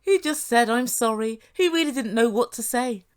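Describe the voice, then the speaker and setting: A woman's voice: a little high, lively intonation, normal speed, darkish tone. A woman giving sarcastic commentary on a reality TV show as a reviewer. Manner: sarcastic, mimics the people she quotes.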